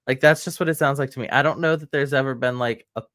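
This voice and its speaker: A man's voice: medium pitch, quick pace, a bit bright, no room sound, studio quality. A man from Maryland, a podcast guest, talking casually in a hesitant way and laughing often. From United States, grew up in Maryland. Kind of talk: casual chat.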